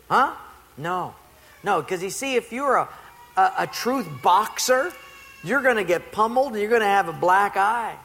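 A middle-aged male pastor preaching a sermon to a congregation, telling stories in an animated, playful way. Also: high voice, moderate pace, slight background noise. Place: church before a congregation. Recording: long hall reverb.

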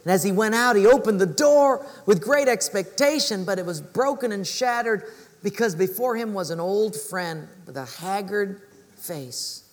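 High-voiced preacher telling a story. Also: male voice, moderate pace. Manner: animated storyteller, acts out voices. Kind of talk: sermon storytelling. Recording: reverberant hall.

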